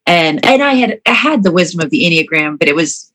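A woman from Atlanta, Georgia, USA, guests on a podcast, chatting casually and eagerly about her work as a teacher and coach, with quick laughs. Her voice is lowish, expressive and a bit bright, though the audio is poor.

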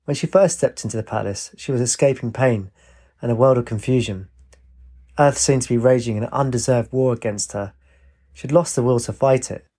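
Male storyteller, husky, mid-pitched, steady unhurried read. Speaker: narrator. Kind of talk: storybook narration.

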